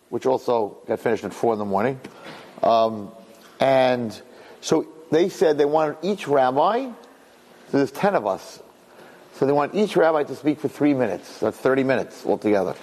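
A middle-aged man, a rabbi, telling stories to an audience in an animated way, repeating phrases and acting out dialogue. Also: mid-range voice. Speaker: rabbi and speaker. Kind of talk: storytelling talk to an audience. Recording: long reverb in a hall.

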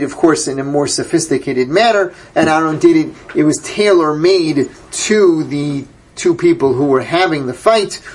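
A man's voice: on the high side, slightly rough. A man teaching a Torah class, reading verses aloud and then translating and explaining them. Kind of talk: Bible class lecture.

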